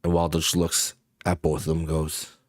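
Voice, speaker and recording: A man narrating a tabletop game as game master, halting and searching for words with many fillers. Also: rumbling low, monotone, no room sound, studio quality.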